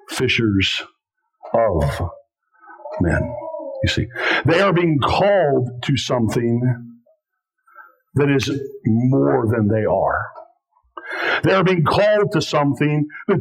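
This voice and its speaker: A pastor preaching in a church, his voice sitting high for a man. He presses each point hard, repeating phrases and sinking low and slow when he lands one. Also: husky, rough recording. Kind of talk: sermon.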